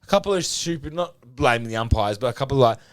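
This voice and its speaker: A man's voice: medium pitch, expressive, fast, dry recording. An Australian man co-hosting a podcast, rambling through a story with plenty of swearing and laughter in casual chat. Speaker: podcast co-host.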